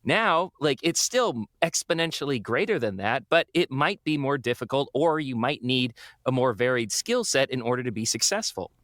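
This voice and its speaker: A man co-hosting a podcast, speaking in an earnest, measured way. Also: mid-range voice, expressive, fairly bright tone, no room sound, clean studio sound. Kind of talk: casual podcast interview.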